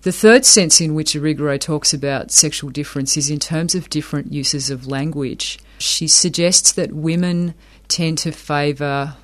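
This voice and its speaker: A man explaining academic ideas in an interview, thoughtful, often repeating words as he works a point out. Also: a little high.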